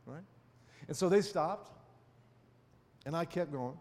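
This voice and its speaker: A man's voice: a little high, a little slow, long pauses, a little mellow. Man preaching in a reverberant hall. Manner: frequent rhetorical check-ins with the listeners; personal storytelling. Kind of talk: conversational sermon.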